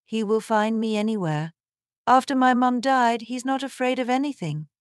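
A scared, lonely little boy pleads in a soft, half-whispered voice, as a woman narrator reads him. The tone sits a touch higher than her own and stays smooth and clear, with a dry, close sound. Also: lively intonation, moderate pace, dry recording, close to an everyday voice. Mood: fearful. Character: frightened small boy, timid and forlorn.

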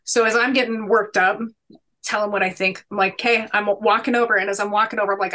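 A woman in her thirties speaks as a podcast guest, with a bright, ringing tone. She tells her stories earnestly and with emphasis, in a motivational way. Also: mid-range voice, steady tone, fast talker. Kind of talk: conversational storytelling.

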